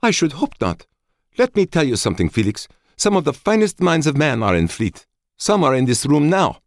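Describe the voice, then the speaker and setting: A man voicing an irritated female officer, raising his voice high and needling. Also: very animated, no echo, clean studio sound. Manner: brisk, needling, high-pitched.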